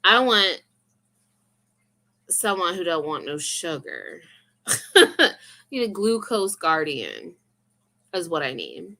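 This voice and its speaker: Young woman, vlog chat, rambling and confessional, lower pitch, bright tone. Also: sing-song, slow, gravelly, pauses often. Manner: rambling, confessional, full of fillers. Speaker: vlogger. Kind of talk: casual chat.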